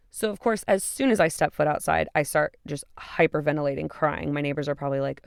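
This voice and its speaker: A young woman tells a personal story on her podcast, candid and emphatic, with a few swear words. Her voice is smooth but has a gravelly fry to it. The sound is dry and close. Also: on the low side, normal speed, dry recording. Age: young adult. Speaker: podcast host. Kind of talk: confessional storytelling.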